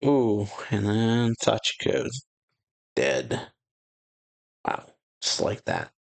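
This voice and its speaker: A man casually reading a manga chapter aloud and retelling its dialogue, with lots of "yeah" and "uh" and quick exclamations. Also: fairly low pitch, sing-song, creaky. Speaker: anime reaction channel host. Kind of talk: casual manga read-along with reactions.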